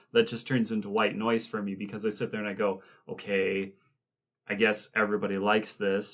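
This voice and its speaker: Male podcast co-host, lower register, loose rambling delivery, casual chat. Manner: rambling, animated retelling of scenes.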